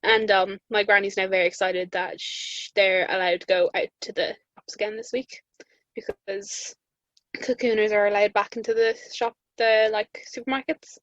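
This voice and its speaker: A woman's voice: medium pitch, little pitch movement, normal speed, a bit bright, no room sound. A young Irish woman co-hosting a podcast, chatting casually and telling stories with lots of laughs. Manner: chatty storyteller, laughs often, acts out quotes. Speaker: podcast co-host. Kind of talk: casual chat. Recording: muffled podcast audio.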